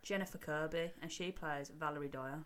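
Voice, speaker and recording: A woman's voice: sits low, fairly quick. A woman, co-hosting a podcast in casual banter and swearing a lot. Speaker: podcast co-host.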